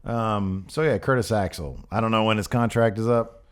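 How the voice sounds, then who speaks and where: A man's voice: on the low side, steady tone, normal speed, clear, resonant tone. A man co-hosting a podcast in casual chat, sarcastic and ranting freely. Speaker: podcast co-host.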